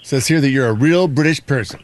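A man's voice: medium pitch, brisk, slight background noise. A male radio co-host in casual banter, joking and teasing callers.

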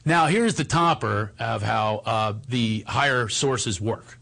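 A man's voice: mid-range voice, takes it slowly, creaky, a bit bright. A man, a comedian, telling a personal story in a conversation, laughing often and acting out what others said. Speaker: comedian guest.

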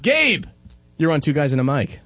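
A man's voice: on the high side, very animated, moderate pace, fairly bright tone, dry recording. A man co-hosting a live comedy radio show, teasing his co-host and callers and laughing often. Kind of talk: casual comedy radio banter. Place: live comedy theater broadcast.

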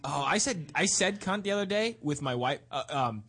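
A man co-hosting a comedy podcast, telling stories and joking in casual banter, with a husky voice. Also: fairly high pitch, animated, moderate pace, fairly bright tone. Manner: storytelling, joking, bursts of laughter.

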